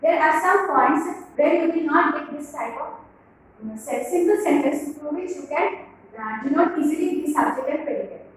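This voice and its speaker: A woman teaching an English grammar class, explaining slowly with repeated examples and emphasis. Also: high voice, lively intonation, slight background noise. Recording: echoey room with far-off mic and faint ambience.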